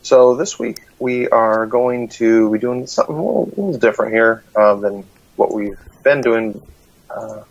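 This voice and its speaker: A man with a low, gravelly, husky voice co-hosts a casual live stream, stumbling through fillers and restarts. He sounds dry and dull, as if coming through a lo-fi internet call. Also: no echo. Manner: hesitant, many fillers and restarts. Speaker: podcast co-host. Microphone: remote call over a bad connection.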